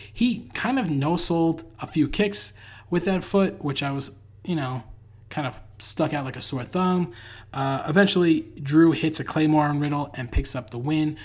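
A man's voice: on the high side, darkish tone. A man hosting a solo podcast, recapping in a casual, dry and sarcastic way with lots of "uh" fillers and the odd sigh. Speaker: podcast host.

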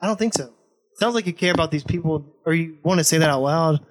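A young man with a somewhat high voice talks in casual chat. He is blunt and pushy, swearing freely as he presses his point. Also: fast. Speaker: podcast guest, host's best friend.

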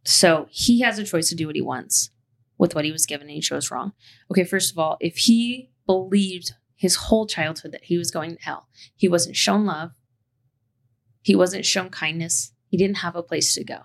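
A woman's voice: fairly low pitch, moderate pace, vocal fry. A woman hosting a podcast, talking in a passionate, heated rant and cussing freely. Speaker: podcast host.

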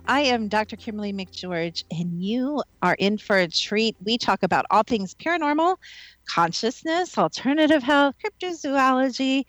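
Radio host: bubbly, chatty woman from the Midwest, lively pitch, dry close sound. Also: moderate pace, no room sound, soft background music, rough recording. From American Midwest. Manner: bubbly, laughs often, chatty. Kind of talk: casual radio chat.

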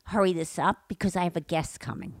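A middle-aged woman co-hosting a casual podcast with her daughter, playful and quick to interject. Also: lowish voice, dry recording, clean studio sound. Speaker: podcast co-host, mother of the other host. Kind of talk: casual chat.

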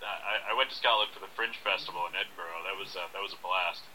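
A man's voice: low voice, fairly even intonation, fast talker, bright, forceful tone, a little hiss or hum, low-quality recording. A man from the United States, a filmmaker, who chats as a guest and laughs easily. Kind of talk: casual interview chat.

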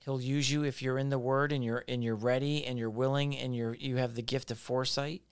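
A man's voice: mid-range voice, level tone, brisk, clean tone, no echo, clean studio sound. A man hosting a devotional podcast, preaching in repetitive, building exhortations. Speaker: podcast host.

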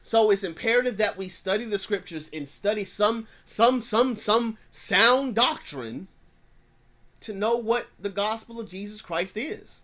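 Male pastor, thirties, fervent preacher, bright tenor voice, repeats himself for emphasis. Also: sits high, unhurried. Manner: fervent, repeats phrases, plain-spoken slang. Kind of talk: preaching sermon.

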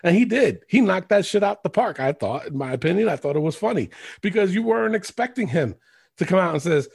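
A man's voice: high-pitched, animated, a little fast, vocal fry, a little mellow, breathy edge. A man co-hosting a podcast in casual chat, rambling and swearing freely, often laughing. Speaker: podcast co-host.

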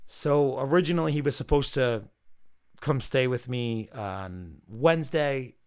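A man's voice: medium pitch, measured pace, darkish tone, smooth. A man hosting a podcast, casually telling a long, profane anecdote and quoting the people in it. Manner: profane, rambling anecdote with quoted dialogue. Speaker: podcast host. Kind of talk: casual storytelling.

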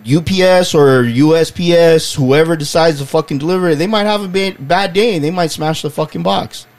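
A man's voice: on the high side, a little fast. A man co-hosting a casual podcast chat, telling stories animatedly and acting out customers, with lots of swearing. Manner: animated storyteller, acts out customers, swears freely. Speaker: podcast co-host, collectibles seller.

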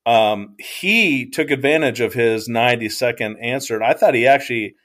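A man's voice: mid-range voice, moderate pace, a bit bright. A man co-hosting a podcast, recapping a TV show in a rambling, hesitant way full of ums. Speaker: podcast co-host. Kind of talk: casual chat recap.

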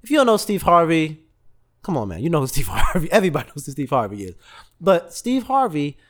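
Animated man telling motivational stories. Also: a little high, a little fast. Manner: animated storytelling, acts out voices in quotes, laughs often. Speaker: podcast host. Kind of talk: casual motivational talk.

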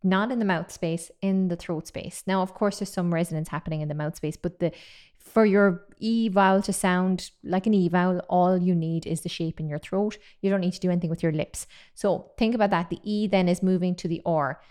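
Woman, singing teacher, enthusiastic, chatty, clear smooth voice. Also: lowish voice, a little fast, a little mellow. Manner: enthusiastic, chatty, demonstrates sounds. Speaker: singing voice coach. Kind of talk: vocal technique lesson.

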